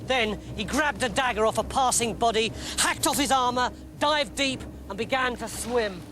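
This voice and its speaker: An English man telling a comic story in a lively, mock-dramatic narrating voice. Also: very high-pitched, normal speed, noisy background.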